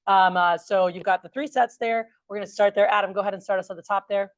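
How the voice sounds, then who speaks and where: A woman's voice: mid-range voice, fairly even intonation, quick pace, no room sound. Casting: upbeat woman, sales trainer, talking to a room, close and dry sound. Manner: chatty, upbeat, addresses the group as "you guys". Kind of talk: training a group. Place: meeting room with a large group.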